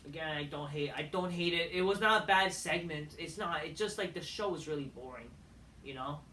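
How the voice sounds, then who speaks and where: A wrestling show reviewer with a low, bright, pushy voice rants fairly quickly, swearing freely and waving things off as she rambles. She's well back from the mic in an echoing room, with slight background noise.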